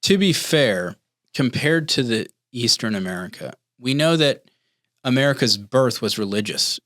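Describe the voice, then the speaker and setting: A man from Montana talking casually on a podcast panel, often halting and restarting his sentences. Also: mid-range voice, animated, fairly bright tone, no room sound, studio quality.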